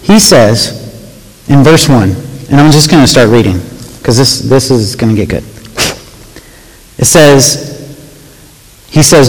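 A man's voice: mid-range voice, expressive, slow pace, pauses often. Conversational man preaching in an echoing hall. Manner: conversational, asks the audience "right?", reads scripture aloud. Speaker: youth pastor. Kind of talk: youth sermon. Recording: long hall reverb.

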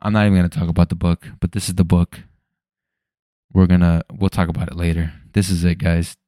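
A young man with a low, deep voice talks loosely into the mic. He rambles, swears freely and jumps between thoughts. The sound is dry and close. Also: flat delivery, brisk, mellow, no echo. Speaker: podcast host. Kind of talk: casual solo podcast chat. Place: home room at night.

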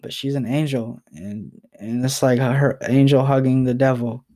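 A young man speaking to the camera in a personal vlog. He stays in a flat, level monotone and keeps breaking off to restart his thoughts. He sounds close to tears the whole way through. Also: mid-range voice. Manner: rambling, halting, repeats himself and apologizes. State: emotional, near tears. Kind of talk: emotional personal vlog message.

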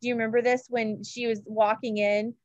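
A woman's voice: on the high side, little pitch movement, a little fast, darkish tone, dry recording, muffled recording. A woman co-hosting a podcast, chatting in a gushing way with lots of fillers and restarts. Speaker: podcast co-host. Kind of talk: casual chat about royal news.

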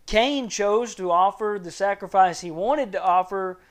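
A male preacher with a fairly high voice teaches from scripture in an earnest, measured sermon. He lets his voice drop soft and low when he reaches a grave point.

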